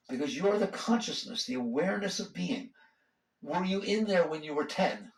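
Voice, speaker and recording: A man's voice: fairly high pitch, animated, normal speed, vocal fry, far from the mic. A man giving a spiritual talk to a live audience, speaking conversationally and putting pointed questions to the listeners. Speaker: spiritual teacher. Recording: roomy hall sound, voice from off the mic.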